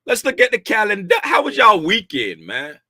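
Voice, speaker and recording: A man's voice: high-pitched, wildly swooping pitch, moderate pace, pushed and bright, no room sound, clean studio sound. A middle-aged man hosting a casual livestream about trading from home, playful and folksy, calling out viewers by name. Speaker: livestream host, trading commentator. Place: home room.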